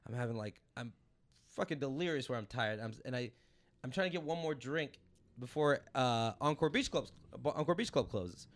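A man in his thirties from Los Angeles, a comedian hosting a podcast, telling a rambling story with animated energy and laughing as he goes. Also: mid-range voice. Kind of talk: casual storytelling chat.

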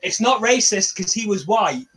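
A man with a high voice drops into a casual podcast and teases the hosts. His jokes come quick and light. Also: animated, a crowd in the background. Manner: teasing, jokey. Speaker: passing guest. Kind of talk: casual chat.

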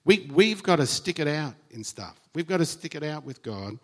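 A man preaching a sermon in a conversational, earnest way, swinging between soft, low remarks and emphatic lines. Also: sing-song, normal speed.

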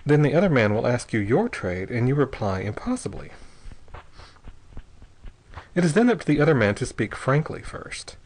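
A man narrating an audiobook in a steady, measured way. His voice sits at a middle pitch, even and unhurried. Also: poor audio.

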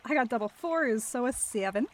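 A woman's voice: a little high, expressive, normal speed, a little hiss or hum. A woman playing a tabletop game, playful as she describes her character. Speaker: player. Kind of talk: casual tabletop play.

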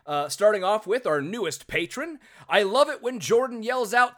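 Male podcast host, bright forceful tone, rambling friendly chatter with fillers. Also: sits high, lively intonation, normal speed. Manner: chatty, self-deprecating, lots of filler words. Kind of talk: casual podcast chat.

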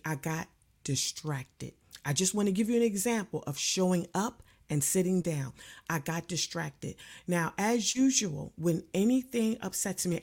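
A woman delivers a sermon in a slightly low voice. She speaks calmly and deliberately, and she often repeats a phrase to drive it home. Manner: calm, measured preaching with repeated phrases. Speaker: preacher.

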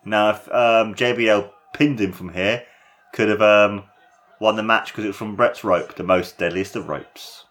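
Excitable man calling wrestling play-by-play. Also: a little slow. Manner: excitable, jumps up in pitch at big moves, swears. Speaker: commentator. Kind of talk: casual play-by-play commentary of a wrestling match.

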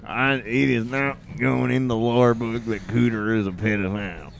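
A man with a gravelly, creaky voice at a middle pitch, playing along in a comedic role-play. He comes across as blunt and easily flustered. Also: fairly even intonation, normal speed.

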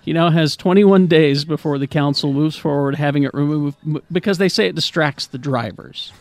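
Gravelly podcast host, dry sound. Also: male voice, fairly high pitch, normal speed, no room sound. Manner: reads news items, hesitant with fillers. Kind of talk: podcast news chat.

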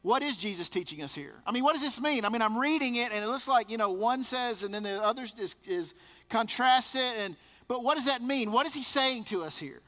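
Emphatic high-voiced male preacher in a hall. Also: animated, fairly quick, pushed and bright. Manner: emphatic, repeats words for stress. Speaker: pastor. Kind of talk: sermon.

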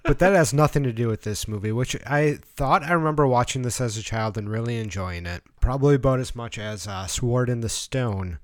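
A man's voice: mid-range voice, expressive, fairly quick, few pauses, no echo. Man with dry teasing humor, dry sound. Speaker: podcast co-host. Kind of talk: casual chat.

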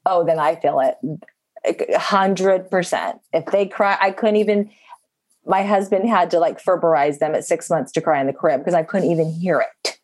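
A woman's voice: lowish voice, normal speed, darkish tone. A woman talking openly about her daughter's disappointments during a coaching session, thinking aloud and laughing at herself. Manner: open, self-reflective, laughs easily. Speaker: coaching client and mother.

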